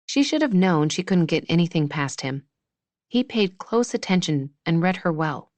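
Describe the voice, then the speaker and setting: Woman, audiobook narrator, measured reading, low voice, dry close recording. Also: sing-song, darkish tone, no echo. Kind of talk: scripted narration.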